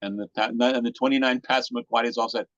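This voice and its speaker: During a retreat discussion, a man in his sixties spins a folksy, wandering story for the group gathered in the meeting room. He talks fast with a steady, medium-pitched, slightly bright voice, captured on a dull, dry, lo-fi recording without echo.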